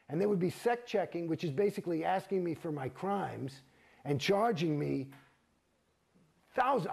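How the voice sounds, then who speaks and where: A middle-aged man, an actor, telling his own story in an interview, profane and animated, acting out the exchanges he describes. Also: high voice, gravelly, breathy edge. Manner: profane, animated, gets heated and acts out quoted exchanges.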